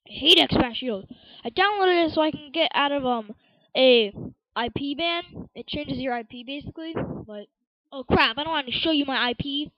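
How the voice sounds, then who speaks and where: A woman giving excitable, casual gameplay commentary with sudden shouted outbursts. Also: sits high, normal speed, no echo, dull audio. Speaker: gaming channel host.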